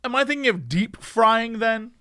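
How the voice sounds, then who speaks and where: A man co-hosting a casual podcast chat, teasing his partner with jokes and laughing quickly. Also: extremely high pitch, lively intonation, sharp tone, clean tone. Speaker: podcast co-host.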